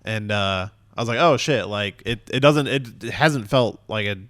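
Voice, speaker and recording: Laid-back podcast host, smooth dry voice. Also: male voice, lowish voice, normal speed, fairly bright tone, no echo. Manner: rambling, laughs often. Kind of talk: casual chat.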